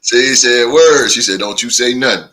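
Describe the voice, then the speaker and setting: A man hosting a podcast, telling stories in a casual chat with animated delivery and big laughs. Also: mid-range voice, slight background noise, poor audio. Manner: animated storytelling, drawn-out laughs. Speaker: podcast host.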